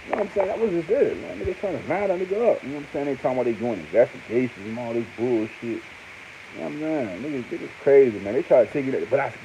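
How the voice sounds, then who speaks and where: A man giving a casual, animated monologue as an online commentator, full of slang and repeated fillers, often jumping up into high exclaims. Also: rapid-fire. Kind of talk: casual monologue on hip hop news. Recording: muffled lo-fi with faint hiss.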